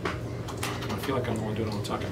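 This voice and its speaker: A man's voice: on the low side, brisk, vocal fry. Easygoing man, far off in echoey room. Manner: easygoing, teasing, talks things through. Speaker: interview guest. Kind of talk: casual chat between takes. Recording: echoey room, far from mic, steady background noise.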